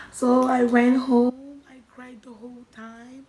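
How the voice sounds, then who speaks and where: A young woman recounting a personal story for her vlog, her fairly high voice often falling to a near murmur as she restarts sentences. She sounds emotional and halting. The room around her is echoey. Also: flat delivery. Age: young adult. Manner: emotional, halting, many restarts and soft drops in volume. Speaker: vlogger.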